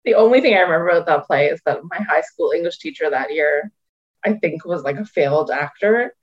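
A woman's voice: sits low, animated, brisk. A woman in casual podcast chat about films and plays, wry and dryly joking. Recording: dull lo-fi sound.

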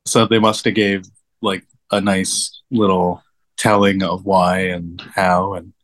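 A man's voice: sits low, level tone, slow, a bit bright. A man joining a casual film podcast as a guest, talking in a loose, rambling way with many fillers.

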